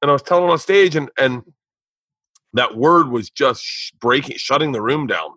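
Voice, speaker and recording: A man, a comedian, spins a profane anecdote in loose podcast conversation. His voice is bright and a little husky, and he sits fairly high for a man. The sound is dry and close. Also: moderate pace, no echo, low-quality recording. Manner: animated, profane, laughing storyteller. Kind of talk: casual podcast storytelling.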